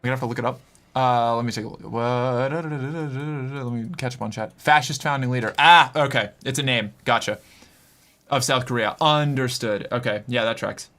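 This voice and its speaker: A man's voice: mid-range voice, moderate pace, pushed and bright. A man chatting casually on a live stream, loose and joking, swearing and laughing as he plays.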